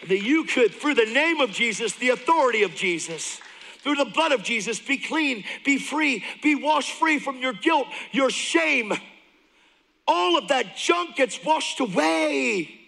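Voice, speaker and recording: A middle-aged man preaching a testimony sermon, moving from hushed intensity to excited near-shouting. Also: very high-pitched, measured pace, creaky, rough recording. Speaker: guest preacher.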